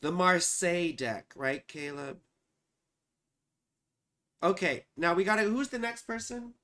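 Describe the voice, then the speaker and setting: A hoarse man with a high-pitched voice hosts a casual astrology livestream, talking slowly and unhurriedly. He rambles from thought to thought, answers viewers by name and swears freely. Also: sharp tone. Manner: rambling, profane, sings snatches between remarks. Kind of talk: casual livestream chat reading viewer comments.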